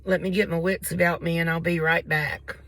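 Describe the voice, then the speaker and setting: A woman's voice: on the low side, flat delivery, fairly quick, noisy background. A woman with a Southern Appalachian accent who chats casually to the camera, rambling and folksy and often breaking off her own sentences. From Appalachian coal country, US. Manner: rambling, folksy, interrupts herself. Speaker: vlogger.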